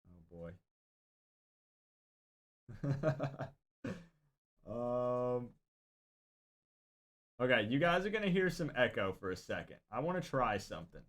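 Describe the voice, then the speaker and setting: Lively chatty male game streamer. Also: medium pitch, slow, long pauses. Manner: chatty, animated, talks to chat directly. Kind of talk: casual gameplay chat with viewers.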